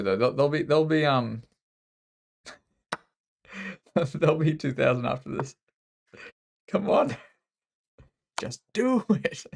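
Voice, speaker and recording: An Australian man talks through a chess game in casual live commentary, teasing himself and his opponent. His voice has a gravelly fry to it. His pitch swings widely as he reacts. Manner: self-mocking, joking banter with the opponent. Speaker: chess streamer.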